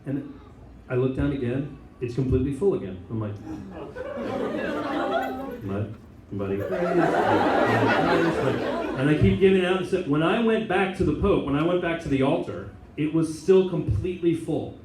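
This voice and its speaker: An American man, a Catholic priest and chaplain, giving an informal talk to a student group and telling stories with lively asides. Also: a little high, a little fast, a loud crowd, heavy background noise. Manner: animated storytelling with many asides and laughs. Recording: echoey room, mic at a distance.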